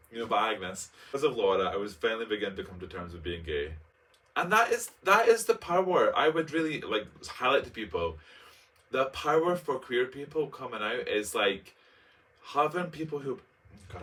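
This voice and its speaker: A man's voice: mid-range voice, bright, forceful tone, far from the mic. A man, reading his own personal essay aloud and breaking off for camp, playful asides. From Scotland. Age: late 20s. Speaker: vlogger.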